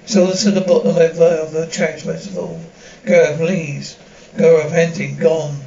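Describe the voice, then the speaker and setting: A man's voice: fairly high pitch, little pitch movement, a little slow, dark tone, dull audio. A man reading a dubbed drama aloud, speaking the sound cues between the lines.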